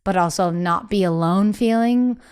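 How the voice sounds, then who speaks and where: A young woman as a podcast guest, candidly telling a personal story in quick, emphatic bursts with quoted asides. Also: mid-range voice, darkish tone, clear, resonant tone. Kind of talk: candid conversational interview.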